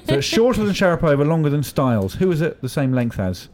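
A man hosting a comedy podcast quiz, teasing his guests with quick jokey asides. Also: a little high, big pitch swings, darkish tone. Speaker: radio podcast host. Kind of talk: playful quiz-show banter.

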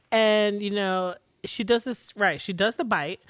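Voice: medium pitch, expressive, slow, fairly bright tone, no room sound. Easygoing podcast co-host, dry sound. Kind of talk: casual recap chat.

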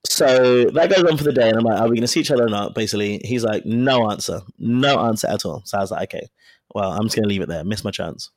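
A man's voice: on the low side, quick pace, no echo. A man chatting casually, telling a story frankly and acting out the dialogue as he goes. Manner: frank and profane. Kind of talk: casual chat.

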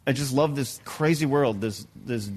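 Man, podcast panelist, casual chat, enthusiastic, mid-pitched, acts out voices in anecdotes. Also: normal speed, a little mellow.

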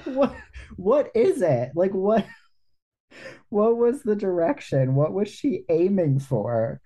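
A woman co-hosting a podcast in casual chat, curious and quick to laugh. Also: mid-range voice. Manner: curious, laughs easily, lively questions. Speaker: podcast co-host.

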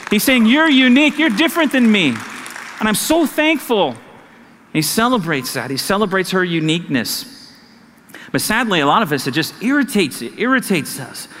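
Animated high-voiced male pastor preaching. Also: long reverb tail. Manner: animated, acts out conversations with his wife. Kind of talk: sermon.

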